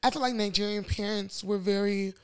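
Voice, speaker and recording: A woman's voice: mid-range voice, fairly even intonation, brisk, clear, resonant tone. A young American woman co-hosting a podcast, talking in a rambling casual way with many fillers and restarts. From United States. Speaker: podcast co-host. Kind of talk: casual chat.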